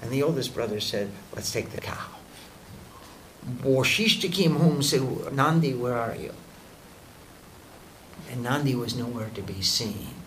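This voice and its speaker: A man telling sacred stories to a group in an unhurried way, acting out the characters' lines and chuckling now and then. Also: medium pitch, lively intonation, fairly bright tone, a little hiss or hum, low-quality recording. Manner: unhurried, voices characters in quotes, chuckles often. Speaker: spiritual teacher telling stories. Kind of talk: storytelling talk to a group.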